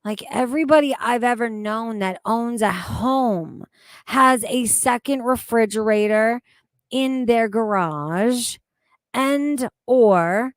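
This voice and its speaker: A woman streamer tears into a video clip with crude, incredulous commentary. Her voice sits a bit high and she talks slowly, drawing out her disbelief. The sound is dry and close. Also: no echo. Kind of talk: profane reaction commentary.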